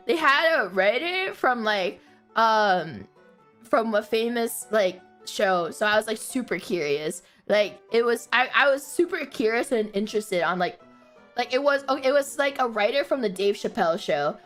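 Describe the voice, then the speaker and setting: A woman live streamer telling stories in casual chat, often breaking into giggles and filling pauses with "like" and "um.". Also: on the high side, a bit bright. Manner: giggly, bursts into laughter, many fillers.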